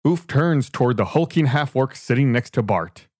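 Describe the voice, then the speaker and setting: A man running a tabletop game as game master, his voice lively and wide in pitch. He narrates loosely with small pauses, recorded in a dry room. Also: dry recording.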